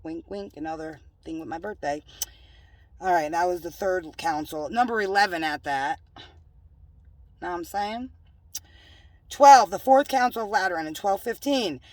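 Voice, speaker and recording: A woman's voice: fairly low pitch, normal speed, pauses often, dry recording, recorded from a distance. A woman preaching in a home-made religious video, emphatic and scolding, with joking asides. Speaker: self-styled religious preacher.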